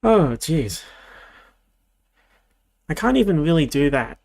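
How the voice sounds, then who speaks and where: Young man, casual streamer chat, gravelly fry, rambles and self-corrects. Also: on the high side, very animated, slow, a little mellow. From Australia. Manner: rambling, thinking aloud with frequent restarts. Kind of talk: casual livestream chat while building.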